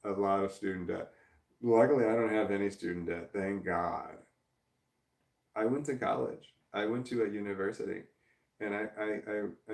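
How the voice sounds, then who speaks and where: A man on a casual livestream, reading chat comments aloud and rambling through them with lots of halting restarts. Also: on the low side, distant mic. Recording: roomy, off-mic sound.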